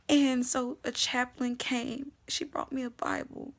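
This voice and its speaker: A young woman telling her personal faith testimony, swinging between hushed whispers and loud emotional outbursts. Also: high voice, level tone, measured pace, creaky, few pauses.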